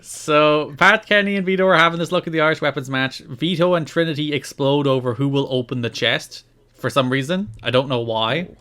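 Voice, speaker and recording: A man's voice: a little high, fairly quick, pushed and bright, clean tone. A man co-hosting a podcast, recapping in casual chat with a jokey manner, laughing often and wandering into rambling asides. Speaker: podcast co-host.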